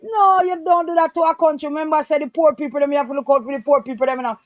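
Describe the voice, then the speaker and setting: A woman's voice: high-pitched, steady tone, very fast, dry recording, dull audio. A woman with a Jamaican Patois accent, calling in to talk politics, emphatic and repeating her points. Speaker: caller. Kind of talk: impassioned political call-in talk.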